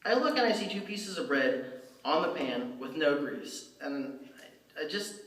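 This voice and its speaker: A man's voice: a little high, animated, unhurried, fairly bright tone. A man giving a personal storytelling talk in a church, speaking conversationally with many fillers and restarts. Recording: roomy, from far off.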